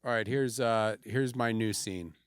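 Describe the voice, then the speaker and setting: A man hosting a comedy podcast, chatting in a deadpan, mock-serious way with his guest. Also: on the low side, unhurried, clear, resonant tone, dry recording. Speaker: podcast host. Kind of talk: casual comedic podcast chat.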